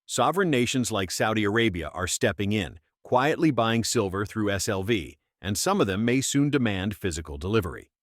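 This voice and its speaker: A man's voice: on the low side, very animated, a little fast, few pauses, no room sound, studio quality. A man reading a scripted, dramatic and urgent channel introduction. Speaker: channel narrator. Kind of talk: scripted narration.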